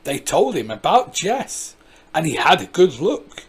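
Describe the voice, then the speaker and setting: Storybook reader, children's story, slow, husky, lively pitch. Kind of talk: reading a children's story aloud.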